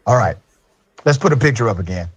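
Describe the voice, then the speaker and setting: A man's voice: on the low side, animated, fast, husky. A man giving emphatic news commentary.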